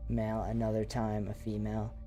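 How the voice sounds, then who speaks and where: A man who hosts a paranormal investigation channel, telling ghost stories in a casual live chat with excited, rambling talk full of fillers. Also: on the low side, fairly quick, faint music behind. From Canada.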